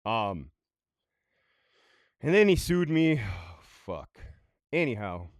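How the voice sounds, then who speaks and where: A blunt, profane man spins a story from his years as a prison sergeant. His pitch swings widely up and down as he talks. The sound is close and dry. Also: very animated, drawn-out words, no room sound. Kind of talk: casual storytime monologue.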